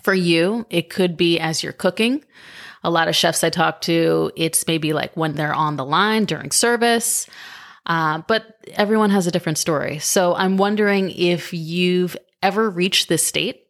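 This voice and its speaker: A woman's voice: on the low side, unhurried. A woman hosting an interview, reacting with enthusiasm and then reading a prepared explanation. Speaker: podcast host. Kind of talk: interview questions and scripted reading.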